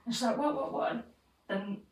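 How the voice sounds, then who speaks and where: A woman co-hosting a podcast, telling a story in a casual, animated way and swearing freely. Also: a little high, a little fast, far from the mic. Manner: animated, swears freely, acts out quoted voices. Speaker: podcast co-host. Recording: roomy sound, away from the mic.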